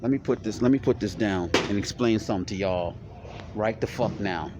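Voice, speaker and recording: A man ranting angrily in a vlog, profane, loud and repetitive. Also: lowish voice, normal speed, noisy background. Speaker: toy vlogger.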